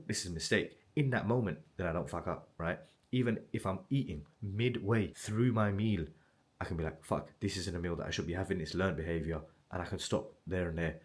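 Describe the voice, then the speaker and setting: A man giving a blunt, casual motivational talk straight to the viewer, swearing freely and often asking "right?". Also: deep voice. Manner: blunt and swearing, direct address with frequent "right?". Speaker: motivational self-improvement creator.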